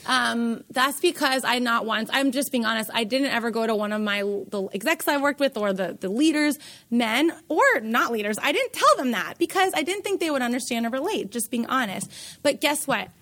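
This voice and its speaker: A woman's voice: fairly high pitch, lively intonation, normal speed, fairly bright tone. A woman in her thirties, a guest on an interview, telling a personal story openly and emotionally. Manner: open, emotional, candid, laughs easily. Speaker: guest, founder and CEO.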